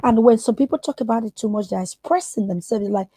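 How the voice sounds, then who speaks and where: A woman's voice: fairly high pitch, quick pace, few pauses, dark tone, dry recording, rough recording. A woman therapist speaking as a podcast guest, earnest and emphatic. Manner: emphatic, acts out quoted voices.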